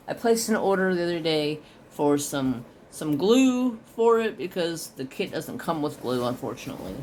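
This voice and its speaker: A man's voice: lively intonation, moderate pace, darkish tone, a little hiss or hum. A man hosting a craft video, rambling with hesitations and restarts, chatting casually at home. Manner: baby-talks high-pitched to his dog. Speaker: craft channel host.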